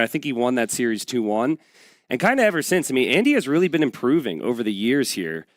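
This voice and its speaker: A man's voice: mid-range voice, animated, quick pace, no echo, clean studio sound. A man casting a strategy game tournament, upbeat and chatty as he sets up the next match. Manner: upbeat, chatty, hypes the players. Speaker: esports caster. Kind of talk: esports commentary.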